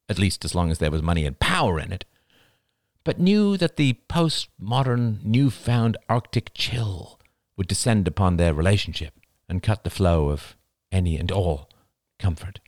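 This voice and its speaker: A man narrating an audiobook in an expressive, scripted style. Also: fairly low pitch, no echo, clean studio sound.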